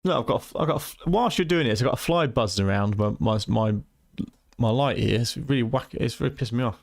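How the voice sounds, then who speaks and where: A man with a British accent hosts a late-night game stream from home, bantering with his chat and swearing freely. His voice sounds tired and worn from the long night, sitting at an ordinary middle pitch. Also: brisk, creaky. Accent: British English. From United Kingdom. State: tired, voice going.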